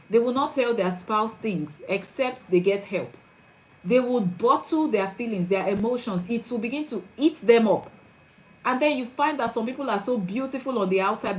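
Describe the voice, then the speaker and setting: A woman's voice: mid-range voice, rough recording. A middle-aged woman, a parenting coach, giving an earnest and emphatic teaching talk and often checking that listeners follow.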